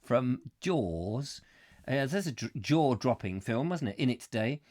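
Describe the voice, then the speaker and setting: A man's voice: medium pitch, expressive, a little slow, darkish tone. A middle-aged man hosting a comic live chat show, rambling playfully and breaking into silly voices and sung sound effects.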